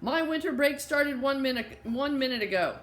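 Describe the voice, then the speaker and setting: A woman voicing a stern, gray-haired female college office clerk who speaks in a cold, flat monotone. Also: sits high, moderate pace, a little hiss or hum. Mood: curt. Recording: roomy echo.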